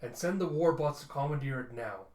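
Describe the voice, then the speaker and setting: A man's voice: mid-range voice, expressive, darkish tone, roomy sound, lightly acted. A man voicing a cold, calculating robot commander giving orders. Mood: commanding. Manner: measured, commanding.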